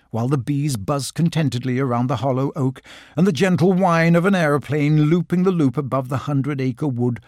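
A man narrating a children's storybook with gentle, expressive storytelling. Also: on the high side, no room sound, studio quality. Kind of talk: audiobook narration.

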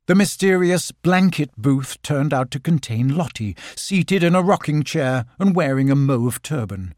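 A man narrating a children's storybook with a lively, expressive reading. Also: a little high, no echo, clean studio sound.

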